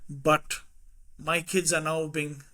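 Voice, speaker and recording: Podcast guest: middle-aged man, Indian English accent, slightly high voice, lively anecdotal delivery. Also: slow. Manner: animated anecdotes with quoted voices and laughter. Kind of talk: casual conversational storytelling.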